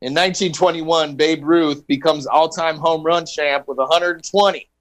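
A man's voice: a little high, steady tone, normal speed, noisy background. A man on a radio show reading history items for the day, with playful puns and banter. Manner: punning, playful.

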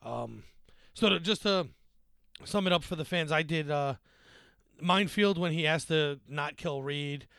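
A man's voice: a little high, measured pace, creaky, long pauses, fairly bright tone, no room sound. A man co-hosting a podcast in casual chat, rambling and joking with frequent fillers. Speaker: podcast co-host.

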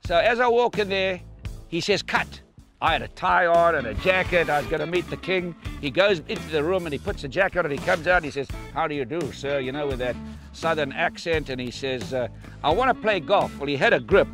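An older man with a South African accent telling a lively anecdote in an interview, acting out the people in his story. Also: a little high, fairly quick, faint music behind. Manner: lively, vivid, acts out the people in his stories.

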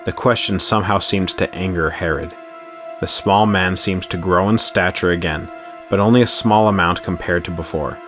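A man reads a horror story aloud in a steady, measured way. His voice sits very low and even. Faint music runs quietly underneath. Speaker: narrator. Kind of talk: scripted horror story narration.

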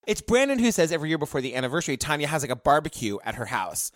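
A podcast co-host retelling a documentary in casual chat, expressive and laughing along. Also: medium pitch, no room sound, studio quality. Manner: expressive storyteller, laughs along, quick affirmations.

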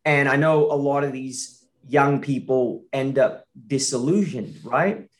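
A man's voice: mid-range voice, a little slow. A man hosting an interview podcast from his backyard, chatty and enthusiastic, with long setups before his questions. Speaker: podcast host. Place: outdoors in a backyard.

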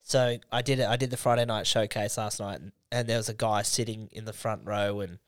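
A man's voice: fairly low pitch, fairly even intonation, a little fast, clear, resonant tone, no echo. A man hosting a podcast, chatting casually, swearing freely and telling stories with little voiced mimicry. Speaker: podcast host. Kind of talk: casual chat.

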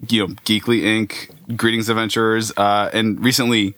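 A man co-hosting a casual podcast, hesitant and halting, often laughing and filling pauses with "uh" and "um". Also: on the low side, level tone, a bit bright, dry recording. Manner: hesitant, with many fillers and frequent laughs. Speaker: podcast co-host.

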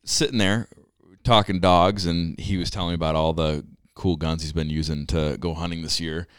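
A man's voice: deep voice, steady tone, moderate pace, clean tone, no echo, studio quality. A man co-hosting a podcast in easygoing casual chat, laughing as he talks. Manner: easygoing, laughs while talking. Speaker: podcast co-host.

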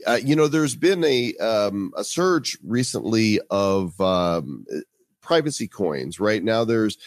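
A man's voice: on the low side, expressive, slow pace, dry recording. A man hosting a podcast, chatting casually and reading out news stories with emphatic, indignant remarks. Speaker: podcast host.

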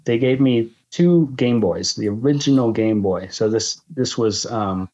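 Man, fifties, podcast guest, hesitant restarts, mid pitch, slightly muffled sound. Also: unhurried, darkish tone. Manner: thoughtful, hesitant, many restarts. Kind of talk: casual conversation.

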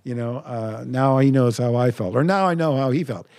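An older man, a voice actor, telling lively anecdotes in an interview. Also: medium pitch, moderate pace. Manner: animated anecdotes, quotes himself in lively voices. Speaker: voice actor guest. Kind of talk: interview storytelling.

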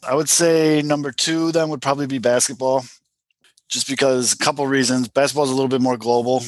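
A talkative, keen podcast guest from Chicago, USA, chats casually and explains things at length with enthusiasm. His mid-range voice moves fairly quickly with fairly even intonation, and the recording is dry with no echo.

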